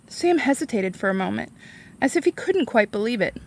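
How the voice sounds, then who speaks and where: A woman reading a chapter book aloud for a read-along, expressive and explaining the story in simple terms. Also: on the high side, brisk, creaky, a little hiss or hum.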